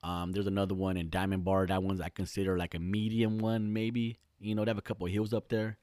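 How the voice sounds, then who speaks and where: A man's voice: sits low, flat delivery, fast, darkish tone, no room sound, clean studio sound. A man hosting his own podcast, telling a long comic story in a rambling, heavily profane way with lots of restarts. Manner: rambling, heavy swearing, frequent restarts. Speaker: podcast host. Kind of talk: casual comedic storytelling. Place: lives in Southern California.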